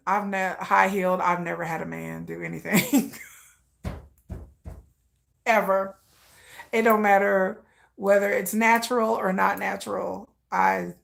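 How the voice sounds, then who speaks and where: A woman's voice: medium pitch, creaky, fairly bright tone. A woman telling candid personal stories in a blunt, profane way, with laughing asides. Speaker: vlogger.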